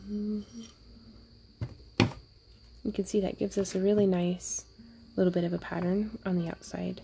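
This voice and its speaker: A woman hosting a wire-wrapping jewelry tutorial, thinking aloud casually as she works, with playful little sound effects and soft asides. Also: mid-range voice, flat delivery, measured pace, gravelly, pauses often, faint music behind. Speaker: jewelry-making tutorial host. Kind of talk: casual crafting tutorial narration.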